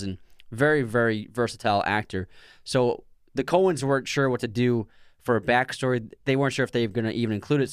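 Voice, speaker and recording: Male podcast co-host, analytical film-buff delivery, smooth and clear, dry sound. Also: medium pitch, no echo. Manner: analytical, shares trivia, stumbles over words. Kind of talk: casual film discussion.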